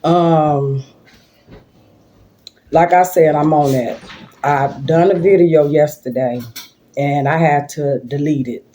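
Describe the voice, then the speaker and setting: A woman's voice: deep voice, steady tone, slow pace, pauses often, mellow. An older woman, a grandmother, chatting and rambling through a story while eating lunch at home for her vlog, recorded on a phone. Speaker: vlogger. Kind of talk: casual mukbang storytelling.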